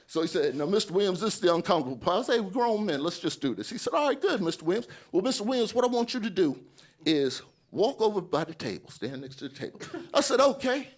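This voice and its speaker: A stand-up comedian in his forties tells a story in a high, sing-song voice at a fast clip. He voices the other characters himself and keeps checking in with "right?"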